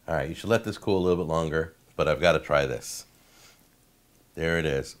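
A man hosting a home cooking show, talking casually and enthusiastically, stammering and repeating words when excited. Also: low voice, normal speed. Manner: enthusiastic, gushing over food. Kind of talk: casual cooking demonstration talk.

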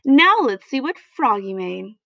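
A woman's voice: on the high side, very animated, vocal fry, no room sound, highs cut off, exaggerated voice. Firm grown-up teacher man, as a woman reads him. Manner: slow, deliberate, firm. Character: firm grown-up male teacher, patient but bossy.

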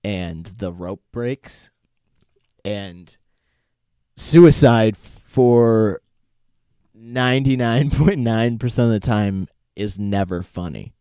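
A man co-hosting a casual podcast who talks haltingly, with lots of "like" and "uh". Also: lowish voice, dark tone, clear, resonant tone, no echo, clean studio sound. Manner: hesitant, full of "like" and "uh". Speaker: podcast co-host.

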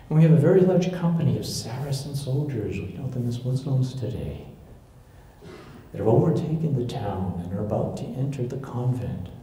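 A man's voice: medium pitch, warm tone. A man giving a live storytelling lecture to a local audience, retelling stories and acting out the quoted voices. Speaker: lecturer on church history. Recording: very echoey room, faint noise.

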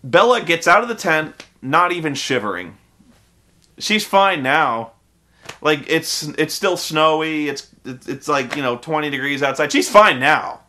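A man's voice: on the high side, lively intonation, measured pace, bright, forceful tone. A man in a casual, profane film review rant, exasperated and full of restarts.

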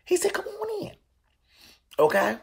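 A man hosting a show, telling a story casually in a profane, animated way. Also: a little slow, gravelly. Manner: animated, profane storytelling with loud, high bursts. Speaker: show host.

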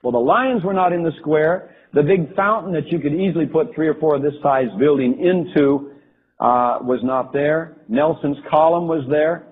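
A slightly high-pitched, husky male voice recounts a vision in the first person, pausing and restarting as he searches for words. The recording is thin and phone-like, with the lows and highs cut away. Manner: halting, with frequent restarts and fillers. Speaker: storyteller recounting a religious vision.

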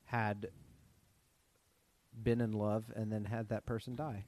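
A man's voice: fairly low pitch, level tone, slow pace, a little mellow. A man co-hosting a podcast in casual chat, jokey and blunt, swearing casually. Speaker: podcast co-host.

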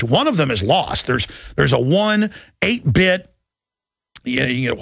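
A male radio host with a gravelly, husky voice. He talks fast and emphatically in a dry studio and keeps restarting his sentences. Faint music plays behind him. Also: mid-range voice, a bit bright, no room sound. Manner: rapid, emphatic, with many restarts. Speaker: radio talk show host. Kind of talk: talk radio monologue and live ad read. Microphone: studio microphone.

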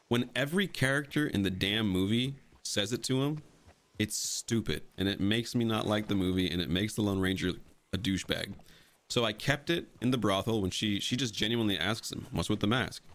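Man, deep low voice, casual commentary, blunt, swears freely. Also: expressive, normal speed, fairly bright tone. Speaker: video creator explaining his fan edit of a film.

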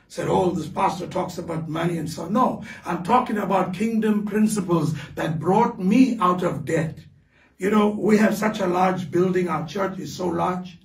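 A man with a South African accent preaching a fervent sermon as pastor, building to shouted declarations in a large church hall. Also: high-pitched, recorded from a distance. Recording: echoey hall, voice picked up from afar.

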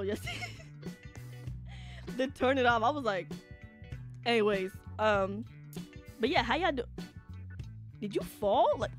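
Female streamer, live gaming commentary; high, bouncy delivery, quick to shriek and laugh. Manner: excitable, shrieks and laughs often.

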